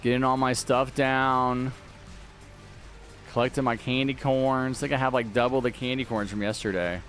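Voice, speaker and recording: Man, gaming livestream, casual chatter, mid-pitched voice, reads chat aloud, faint game music behind. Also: steady tone, moderate pace, a bit bright. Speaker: livestreaming gamer. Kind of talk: casual live-stream chat.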